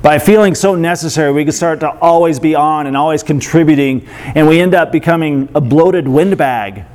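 Pastor guy preaching, kinda high voice, chatty, laughs a lot. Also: fairly quick, a little mellow. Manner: conversational preaching with laughs and acted asides. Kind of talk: sermon.

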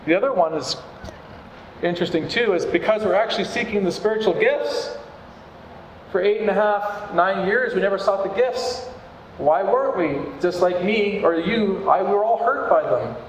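A man with a fairly high voice preaches to his church in an earnest, conversational way. His voice rings through a large hall with a long, lingering reverb. Faint room ambience sits underneath. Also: normal speed, a little hiss or hum. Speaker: pastor. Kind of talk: sermon.

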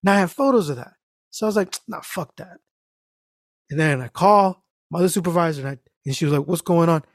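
A man's voice: a little high, fairly quick, dry recording, clean studio sound. A man telling a work story in casual chat, cursing freely and acting out the people in it. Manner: animated, profane, acts out voices. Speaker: guest storyteller.

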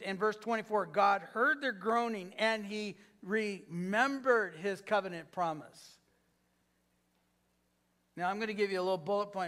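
A man's voice: high-pitched, fairly bright tone. A man preaching a sermon as pastor, asking the congregation to repeat phrases after him. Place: church sanctuary.

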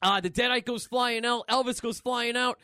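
A man co-hosting a casual comic book podcast, retelling a story in an excited, rambling way with many fillers. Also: very high voice, moderate pace, smooth, no echo, studio quality. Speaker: podcast co-host.

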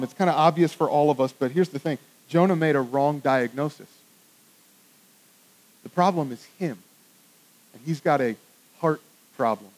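A man preaching a sermon in a casual, animated way, swinging from excited to hushed. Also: a little high, low-quality recording. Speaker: pastor.

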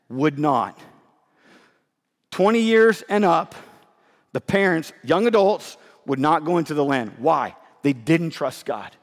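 A male pastor preaching a sermon in an emphatic, conversational way, hoarse and short of breath from losing his voice. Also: high-pitched, big-room sound.

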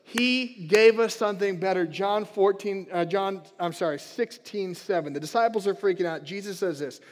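High-voiced man preaching in a reverberant hall. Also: moderate pace. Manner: chatty, emphatic, rallies the crowd. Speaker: pastor. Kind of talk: casual energetic sermon. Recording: long reverb of a large hall.

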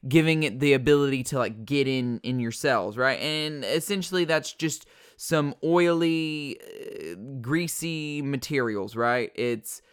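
Smooth-voiced man ranting casually. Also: medium pitch, unhurried, hardly any pauses. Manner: rambling, profane and sarcastic, trailing off into fillers. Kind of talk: casual unscripted rant.

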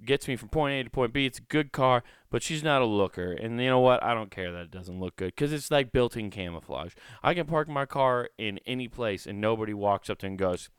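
A man's voice: medium pitch, a bit bright, smooth, dry recording, studio quality. A man hosting his own podcast in a rambling, profane way, often restarting his sentences as he talks from a small recording room. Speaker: podcast host. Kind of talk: casual solo podcast monologue.

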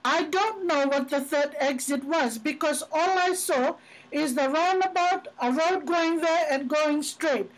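A middle-aged woman with a fairly high voice speaks as a podcast guest. She tells faith stories in a loose, chatty way and leans on "you know" as she goes. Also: a little slow, low-quality recording. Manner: chatty storyteller, many "you know" fillers. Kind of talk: casual faith conversation.

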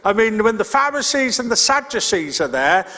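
A man's voice: high voice, big pitch swings, moderate pace, bright, forceful tone, in a large hall. A male pastor preaching a sermon in an earnest, plain-spoken way, repeating his key points. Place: church.

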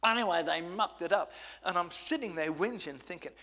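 A man's voice: high-pitched, moderate pace, sharp tone, big-room sound. A man telling a rambling, self-deprecating testimony as a guest evangelist in a church. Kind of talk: storytelling testimony.

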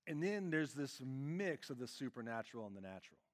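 A man's voice: medium pitch, big pitch swings, a little fast. A man preaching a conversational sermon as lead pastor, casual and earnest, peppering his talk with fillers.

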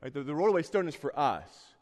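A man's voice: a little high, animated, fast, a little mellow. A man preaching a sermon in a church, conversational and earnest, with sudden rising bursts of emphasis. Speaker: pastor. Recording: long hall reverb.

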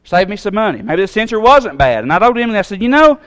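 A man tells a personal story from the pulpit. His delivery is folksy and animated, swinging from quiet asides to sudden high bursts. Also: fast. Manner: folksy, animated storytelling with big pitch jumps. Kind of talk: storytelling sermon.

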